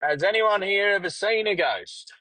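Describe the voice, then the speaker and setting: An Australian man voicing a male presenter at a ghost convention who quizzes the crowd loudly. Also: a little high, expressive, takes it slowly, no room sound, recorded from a distance, full character voice, low-quality recording. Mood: quizzing.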